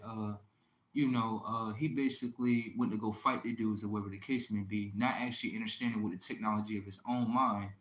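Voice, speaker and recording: A man in his thirties telling a crude story in a brash, profane monologue, often checking in with "right?". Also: medium pitch. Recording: echoey room.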